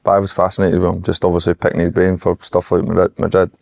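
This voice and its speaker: A man's voice: sits low, completely flat delivery, quick pace, vocal fry, a little mellow. A Scottish man in his forties, a former footballer, chatting casually on a podcast in a laid-back way, repeating short phrases. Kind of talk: casual chat.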